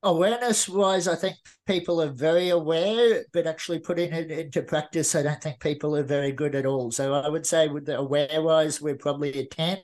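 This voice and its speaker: A man in his forties speaks as a podcast guest. His voice sits a touch high for a man. He talks in an earnest, reflective way, often circling back to restart a thought. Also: steady tone, brisk, hardly any pauses, a little mellow. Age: 40s. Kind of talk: casual interview talk.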